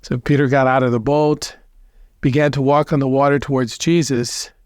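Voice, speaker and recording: Priest, man, gospel reflection, gentle storyteller, dry close sound. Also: mid-range voice, flat delivery, no room sound. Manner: gentle, unhurried storytelling with restarts.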